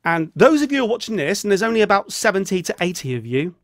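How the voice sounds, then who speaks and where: A man talks in a loose, rambling vlog, joking as he goes while feeling ill. His voice sits fairly high and swings about a lot, and it often sinks into a low mutter on asides. The sound is close and dry. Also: big pitch swings, fast, no echo. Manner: rambling, jokey, drops into a low mutter on a catchphrase. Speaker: vlogger.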